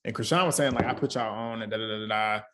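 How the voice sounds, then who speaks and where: A man's voice: mid-range voice, very fast. Gossipy man hosting a reality show recap. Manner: animated, gossipy, laughs often and mimics the cast. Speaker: host. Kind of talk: casual reality TV review chat.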